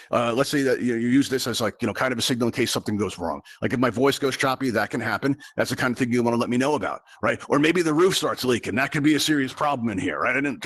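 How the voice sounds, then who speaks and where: A man's voice: medium pitch, fairly bright tone. A man hosting a live virtual game show, talking straight to his audience in a chatty, rambling showman manner.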